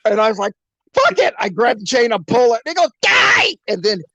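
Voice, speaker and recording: A man telling a story in a lively, casual way, acting out every exchange and swearing now and then. The recording is dry with a slightly dull, lo-fi tone. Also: sits high, rapid-fire, no room sound. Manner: animated, acts out the dialogue, swears. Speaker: guest.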